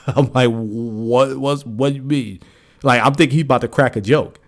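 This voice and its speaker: A man from the United States, co-host of a sports podcast, retelling an event in casual chat, his voice rising high and animated as he gets into the story. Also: unhurried.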